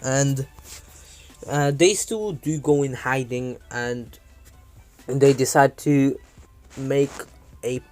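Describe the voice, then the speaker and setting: A man talking through a fan story in an easygoing, unscripted way. He rambles, stops to correct himself and fills pauses with ums and uhs. His voice sits at an ordinary middle pitch. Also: darkish tone, faint music behind. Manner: rambling, with many fillers and self-corrections. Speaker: YouTuber retelling a fan story. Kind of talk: casual spoken retelling.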